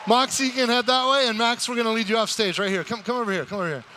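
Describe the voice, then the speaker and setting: A man hosting a live convention stage show, excitable and hype-building, sometimes bursting into shouts to the audience. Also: very high-pitched, rapid-fire, big-room sound, a little hiss or hum. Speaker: stage host.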